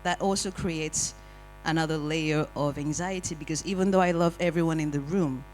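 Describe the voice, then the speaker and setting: Animated panel speaker telling wry stories. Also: medium pitch, moderate pace, soft background music, low-quality recording. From Nigeria. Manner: animated, wry storytelling with acted-out quotes. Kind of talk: panel discussion, personal storytelling. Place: community hall panel.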